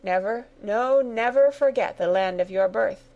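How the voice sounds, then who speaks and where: A woman's voice: medium pitch, measured pace, mellow, muffled recording, lightly acted. Woman reading as a gallant young man. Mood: earnest. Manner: polite, earnest.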